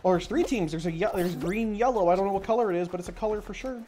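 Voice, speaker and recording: A woman streaming a party game, giving excited play-by-play and yelling at every win and fall. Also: medium pitch, rapid-fire, a little hiss or hum. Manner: excitable, shrieks and yells at wins and falls. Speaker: gaming streamer. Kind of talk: excited let's-play commentary. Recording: game music behind the voice.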